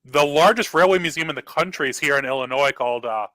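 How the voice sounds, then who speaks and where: Casting: male guest on a video call, animated storyteller, bright higher voice, dry sound. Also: fast, dry recording, low-quality recording. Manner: animated storyteller acting out quoted dialogue. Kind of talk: casual storytelling on a live talk show.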